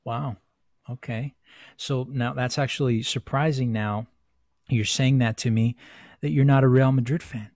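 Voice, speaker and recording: Enthusiastic male host, gravelly voice, casual buddy-style questions. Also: mid-range voice, steady tone, unhurried, darkish tone, dry recording, clean studio sound. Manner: enthusiastic, friendly, says "man" and "dude". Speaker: podcast host. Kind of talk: casual interview chat.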